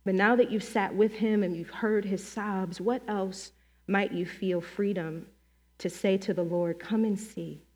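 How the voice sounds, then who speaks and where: A woman leads a guided meditation and prayer, speaking slowly and gently, with long pauses between phrases. Her mid-pitched voice carries a long reverb from a large worship hall. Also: steady tone. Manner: gentle, slow, inviting with many pauses. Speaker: preacher leading a guided meditation.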